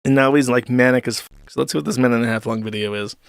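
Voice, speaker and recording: A man's voice: medium pitch, steady tone, very fast, gravelly, background noise. A man giving sarcastic, profane commentary over video clips as the host of an online show.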